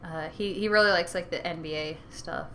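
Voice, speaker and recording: Bright-voiced young woman ranting, giggly. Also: lowish voice, normal speed, a little hiss or hum. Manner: rambling, giggly, sarcastic asides. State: tired from no sleep. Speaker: vlogger. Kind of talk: casual rant to camera. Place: her bedroom.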